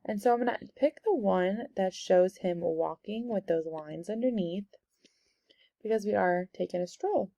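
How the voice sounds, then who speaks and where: A young woman walking through a software tutorial step by step in a casual, explaining way. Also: mid-range voice, normal speed, creaky, dry recording. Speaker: instructor.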